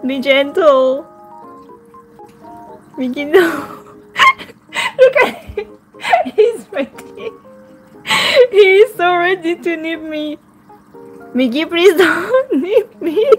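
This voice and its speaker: A woman's voice: very high-pitched, expressive, drawn-out words, long pauses, music in the background. A woman vlogging with her pet, giggly, coaxing and pleading with it in casual talk. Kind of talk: casual pet vlog narration.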